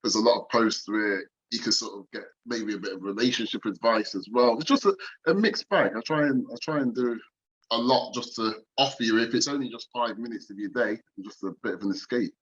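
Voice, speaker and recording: A man's voice: mid-range voice, a little fast, fairly bright tone, dull audio. A man from Nottingham, England, guest on a podcast, talking openly in a casual chat and laughing readily. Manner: open, easygoing, laughs readily.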